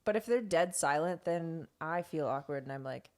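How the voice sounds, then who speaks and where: A young woman co-hosting a podcast in casual chat, playful and giggly with quick asides. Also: deep voice, animated. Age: young adult. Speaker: podcast co-host.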